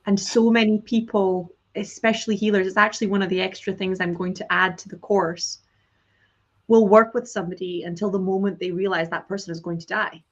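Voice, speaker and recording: A woman's voice: mid-range voice, fairly even intonation, brisk. Earnest chatty woman on a dull line. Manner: chatty, earnest, filler-heavy. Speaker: host, course teacher. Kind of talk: conversational interview.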